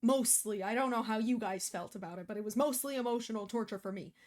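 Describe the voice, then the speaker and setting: A woman's voice: on the high side, fast, a little mellow. A woman hosting a reaction video, talking casually and emotionally, with many fillers and restarts.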